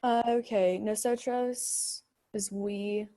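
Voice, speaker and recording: A woman's voice: medium pitch, steady tone, slow, mellow. A teenage girl answering in a class, hesitant and checking her answers. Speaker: student.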